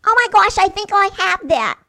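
A woman voicing a bubbly, excitable female guest with a New York accent who gushes and rambles. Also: extremely high pitch, brisk, exaggerated voice. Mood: gushing. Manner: gushy, exclamatory, rambling. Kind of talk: comic character chat.

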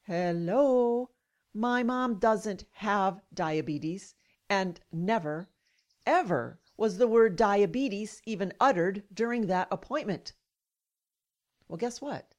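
A woman's voice: mid-range voice, slow pace. Indignant middle-aged woman radio host. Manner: indignant, emphatic. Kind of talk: scripted personal commentary.

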